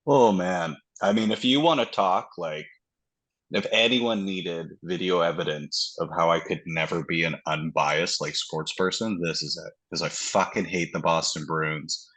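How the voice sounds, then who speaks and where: Profane, animated man in a podcast chat. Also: low voice, a little slow. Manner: profane, animated, mocks others in put-on voices. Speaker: guest.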